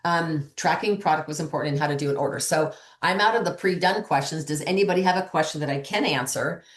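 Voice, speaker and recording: A woman giving a casual training talk to other beauty consultants, chatty and animated, acting out her customer conversations. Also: sits low, fast talker, roomy sound.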